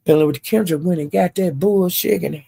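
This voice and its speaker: An older woman telling a story in a loud, profane, animated casual rant. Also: on the low side, normal speed, vocal fry, breathy edge.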